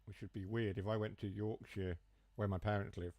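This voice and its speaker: Brisk and fairly low, this young man's voice stays steady and a bit dark, and the recording is dry. While streaming a train game, he chats casually in his Huthwaite accent from near Mansfield, England, cracking jokes on the side and dropping H's and T's.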